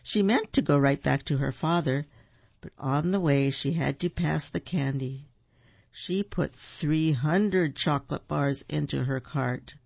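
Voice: mid-range voice, a little slow, gravelly, darkish tone, no echo. A storyteller reading a children's picture book aloud, with playful asides, in a dull lo-fi recording.

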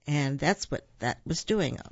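Gravelly reader doing a kids storybook, little ums to explain stuff, muffled dry sound. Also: mid-range voice, expressive, dry recording. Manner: pauses with ums to explain words to listeners. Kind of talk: reading a children's storybook aloud. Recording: dull, dry recording.

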